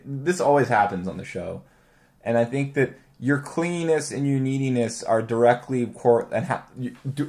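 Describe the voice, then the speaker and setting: A man's voice: medium pitch, gravelly, a little mellow. A man hosts a casual podcast chat in an ordinary mid-range voice. He sounds incredulous and keeps pressing his points. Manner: incredulous, rapid questioning.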